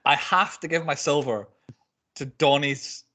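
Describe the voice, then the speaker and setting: A man hosting a casual podcast chat, brisk and joking as he runs through award nominees. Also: on the high side, bright, forceful tone. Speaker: podcast host.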